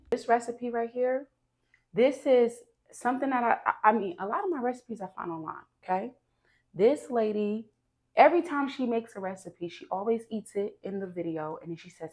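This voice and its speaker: A woman hosting her own cooking vlog, talking straight to viewers in a lively, emphatic and chatty way, with slangy asides. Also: fairly high pitch, moderate pace. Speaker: cooking show host.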